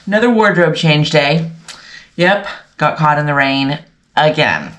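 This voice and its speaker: A woman's voice: low voice, animated, a little slow, long pauses, fairly bright tone. Rambling, congested woman in an echoey room. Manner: rambling, self-correcting, talks to viewers. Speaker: sewing channel host. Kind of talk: casual chatty sewing vlog.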